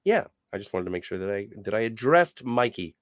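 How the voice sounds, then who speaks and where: A man co-hosting a podcast, chatting casually about a TV show with quick, animated asides. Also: lowish voice, no room sound, studio quality. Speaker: podcast co-host. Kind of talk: casual TV recap chat.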